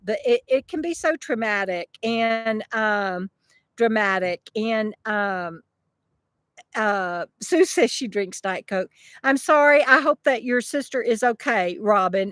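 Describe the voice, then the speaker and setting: A woman's voice: mid-range voice, no room sound. A middle-aged woman, chatting casually outdoors by a wooded river while reading viewer comments, rambling with many fillers and laughs. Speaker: channel host.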